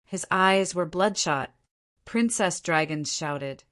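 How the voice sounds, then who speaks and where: Low-voiced woman narrating a fantasy novel. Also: lively intonation, slow, a bit bright. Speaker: audiobook narrator.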